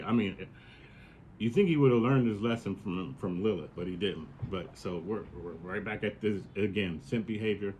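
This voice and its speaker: Male podcast host, low-ish, profane casual storyteller. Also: a little hiss or hum. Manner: profane, slangy, animated retelling.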